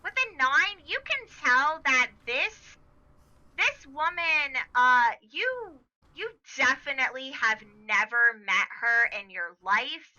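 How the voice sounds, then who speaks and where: Woman game master for a tabletop game: slow, chatty and full of fillers; very bright tone, dull lo-fi sound. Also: high voice, expressive. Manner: chatty, many fillers and restarts, laughs easily. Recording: dull lo-fi recording.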